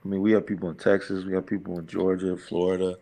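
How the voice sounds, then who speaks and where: A man's voice: sits low, level tone, fast talker, creaky, warm tone. An American man chatting casually, sure of himself, often repeating words as he starts. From United States. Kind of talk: casual group chat.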